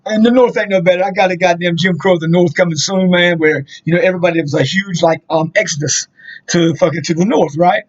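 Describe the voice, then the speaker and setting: A man's voice: high-pitched, fast. A man, telling a rambling, profane story in a casual monologue, full of fillers. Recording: dull lo-fi sound.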